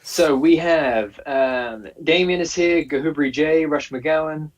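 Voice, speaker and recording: A man's voice: fairly high pitch, slow, a crowd in the background. Easygoing man on a distant, muffled line. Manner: easygoing, reads names in a steady list. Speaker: co-host reading live chat. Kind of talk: casual live-stream chat. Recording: distant, muffled call audio.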